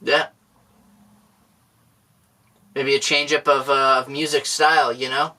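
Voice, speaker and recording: A man co-hosting a comedy podcast, deadpan and mock-reassuring, with frequent stammers. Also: medium pitch, takes it slowly, slight background noise. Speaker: podcast co-host.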